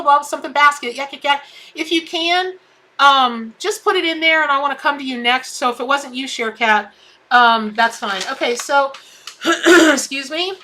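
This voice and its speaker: Bright, high-voiced bubbly woman. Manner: bubbly, chatty, reads out viewers' comments. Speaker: tarot reader hosting a live stream. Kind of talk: casual live-stream chat.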